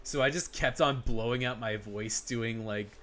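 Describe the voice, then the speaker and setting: A male streamer chats casually at a middle pitch, animated and quick to laugh. His speech is loose and full of filler words. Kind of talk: casual chat.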